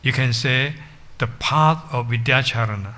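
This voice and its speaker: Bright-voiced monk giving a dharma talk. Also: male voice, medium pitch, moderate pace. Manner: frequent restarts and checks with "Yeah?". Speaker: Buddhist monk and teacher.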